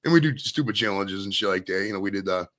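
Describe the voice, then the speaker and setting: A man's voice: deep voice, expressive, fast talker, fairly bright tone. Rambling profane man from Maine. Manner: rambling, profane, loose and conversational. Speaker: streamer and show host. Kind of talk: casual solo stream chat.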